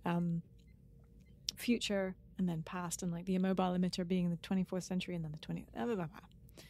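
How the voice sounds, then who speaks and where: A woman's voice: fairly low pitch, flat delivery, a little fast, warm tone. Chatty woman podcast co-host. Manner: chatty, rambling, repeats words. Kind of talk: casual podcast chat.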